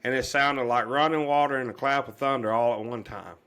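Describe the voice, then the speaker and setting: A man's voice: medium pitch, steady tone, fairly quick, fairly bright tone, smooth. A middle-aged man, a podcast guest earnestly telling a long personal story, rambling with many fillers and restarts.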